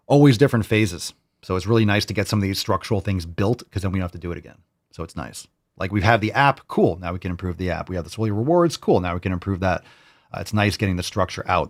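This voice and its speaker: A man hosting a casual livestream, hyped and rambling, who swears casually. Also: sits low. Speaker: host.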